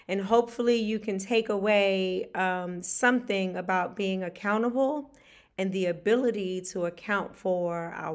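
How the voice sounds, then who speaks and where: Woman host, slow and heartfelt, livestream chat. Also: fairly low pitch. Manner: warm, emotional, drawls words out. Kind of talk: casual livestream talk.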